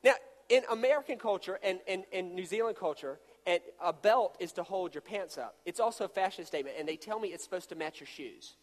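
Preaching a sermon in a space with long hall reverb, this man has a high-sitting voice and a fairly quick pace. He acts out a demonstration with volunteers, cracking jokes along the way in lively storytelling.

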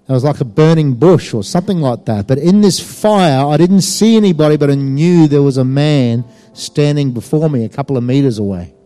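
A man telling a personal testimony in an animated, emphatic way, with many fillers. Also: fairly high pitch. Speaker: speaker giving a personal testimony. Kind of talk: storytelling testimony.

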